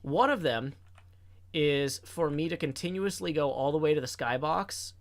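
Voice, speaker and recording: A man streaming a game and chatting casually, rambling with playful deadpan jokes. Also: on the high side, moderate pace. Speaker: streamer and co-host. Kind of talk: casual chat while gaming.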